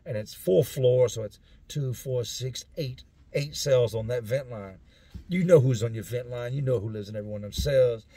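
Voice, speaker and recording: A man's voice: medium pitch, moderate pace, dark tone, husky. A man telling stories from his own past in a casual way, using street slang. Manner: street slang, acts out other people's voices. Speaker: storyteller recounting his prison years. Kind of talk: casual spoken storytelling.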